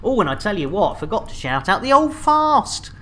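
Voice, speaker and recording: Woman streamer, cheeky banter, mid pitch, playful host energy. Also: big pitch swings, fairly quick, background noise. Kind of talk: lively live-stream chat.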